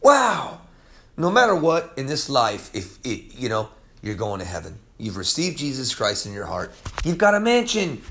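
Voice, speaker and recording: A man preaching a casual Bible teaching, excitable and emphatic, with slangy talk that swings between loud bursts and hushed lines. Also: mid-range voice, normal speed.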